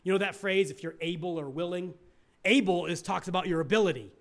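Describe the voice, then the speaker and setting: Preaching a little fast in a voice that sits high, a middle-aged male pastor questions his congregation. His sermon lurches from loud, emphatic moments to near-whispered asides.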